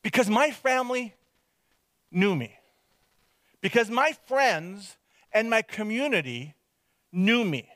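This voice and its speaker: A man's voice: sits high, expressive, slow, pauses often, fairly bright tone, no room sound. A man from British Columbia giving a personal testimony as a rambling, self-deprecating storyteller. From Hope, British Columbia, Canada.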